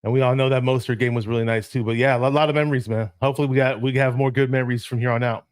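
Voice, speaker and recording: Man, co-host, casual sports chat, relaxed, many ums and pauses, dry close sound. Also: mid-range voice, smooth, no room sound.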